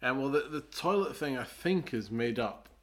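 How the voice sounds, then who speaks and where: A man's voice: medium pitch, expressive, normal speed. A man co-hosting a podcast, explaining things in a casual, hesitant way with many fillers and restarts. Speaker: podcast co-host. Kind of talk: casual chat.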